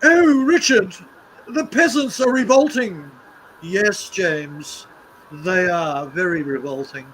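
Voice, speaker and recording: A man's voice: high-pitched, lively intonation, slow, fairly bright tone, voice pushed up, full character voice, rough recording. A haughty English aristocrat, as a man puts him on in casual chat, with a put-on posh upper-class English accent and a raised, carrying voice. He drawls with lofty disdain, a little noise behind.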